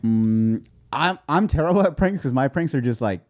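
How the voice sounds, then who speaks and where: A man co-hosting a podcast, chatting casually and telling rambling, animated stories full of fillers. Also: mid-range voice, moderate pace, faint music behind. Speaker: podcast co-host. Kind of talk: casual chat.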